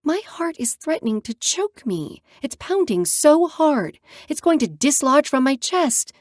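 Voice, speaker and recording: A woman narrating a first-person romance audiobook in an expressive way. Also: high-pitched, measured pace, dry recording, clean studio sound.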